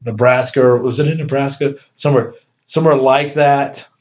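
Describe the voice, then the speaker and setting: A man's voice: mid-range voice, fairly even intonation, normal speed, a little mellow, lo-fi sound. A man hosting a podcast in casual chat, rambling and enthusiastic, laughing easily. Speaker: podcast host.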